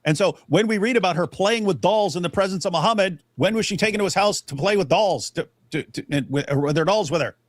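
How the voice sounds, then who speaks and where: A man's voice: high-pitched, fast, few pauses, no echo. A man hosting a call-in debate show, talking in an emphatic, exasperated way. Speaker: host.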